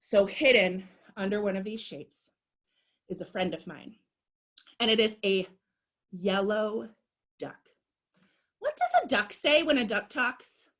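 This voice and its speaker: A woman's voice: mid-range voice, very animated, slow, pauses often, fairly bright tone. A young woman leading a storytime for toddlers, talking in a sing-song, encouraging way as she does rhymes and shapes with little ones. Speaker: children's librarian.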